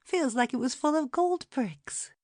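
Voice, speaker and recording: A sweet young woman with a high, lilting voice that wanders up and down slowly and softly, put on by a woman narrator. She coaxes gently in a dramatized storybook reading. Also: lively intonation. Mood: pleading.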